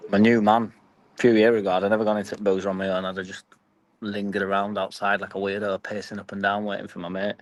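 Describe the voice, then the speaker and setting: A man's voice: lowish voice, level tone, fast talker, rough recording. A young man with a Yorkshire accent chatting casually and swearing freely as he reads and answers his live stream chat. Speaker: football fan vlogger.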